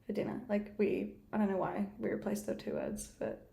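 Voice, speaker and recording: A woman's voice: mid-range voice, normal speed, gravelly. A young woman, chatting as a guest and telling stories animatedly, with lots of laughter. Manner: animated storytelling with frequent laughter and "like". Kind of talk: casual chat.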